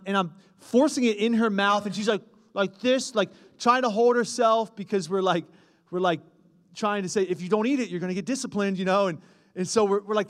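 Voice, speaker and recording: A pastor in his thirties telling a funny family story in a sermon to his congregation, animated and self-mocking. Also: sits high. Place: church stage before a congregation. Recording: long reverb of a large hall.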